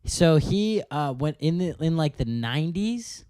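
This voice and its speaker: A man's voice: a little high, lively intonation, a little slow, dark tone, clear, resonant tone, no echo, studio quality. A man co-hosting a casual podcast, telling a family story with frequent laughter and goofy impressions. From Minnesota. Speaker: podcast co-host.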